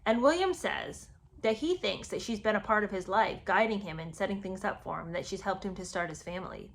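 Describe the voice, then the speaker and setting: A woman's voice: mid-range voice, a little fast, slight background noise. Chatty, sarcastic woman recapping a book. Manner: sarcastic, chatty, many fillers. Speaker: book commentator. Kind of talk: casual commentary.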